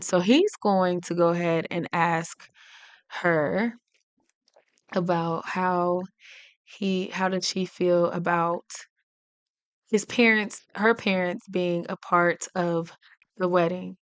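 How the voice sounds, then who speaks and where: A woman gives casual let's-play commentary on a life-sim game and narrates what her characters feel. She talks in a chatty, giggly way, and her voice is clear and smooth. Her pitch sits slightly low for a woman. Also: fairly even intonation, slow pace, no room sound. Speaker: gaming channel host.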